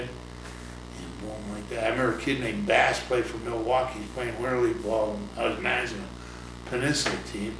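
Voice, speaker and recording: An older man, a retired pitcher and coach, telling rambling stories in a casual interview, chuckling and acting out the voices of others. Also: steady tone, a little fast. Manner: rambling anecdotes, acts out voices, chuckles often. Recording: roomy, distant mic, noisy ambience.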